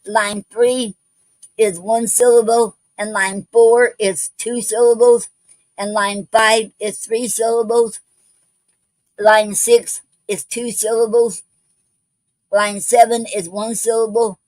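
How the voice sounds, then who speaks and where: A woman's voice: fairly high pitch, level tone, takes it slowly, a little mellow, no echo, low-quality recording. A woman hosting an online poetry show, talking casually with many ums, restarts and repeated okays.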